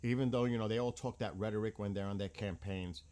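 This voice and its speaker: A man's voice: on the low side, steady tone, fast, darkish tone. A man ranting bluntly about politics in a casual vlog, heated and swearing often. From United States. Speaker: vlogger.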